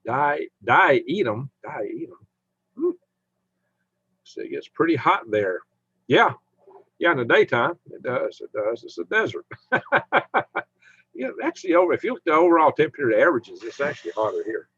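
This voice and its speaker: A man hosts a casual live stream and rambles along as he chats with his viewers, humming to himself now and then. His voice is husky and swings lively up and down. The sound is dry and dull, like a lo-fi mic. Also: a little high, normal speed, pauses often, no room sound. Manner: rambling, chatty, hums to himself while browsing.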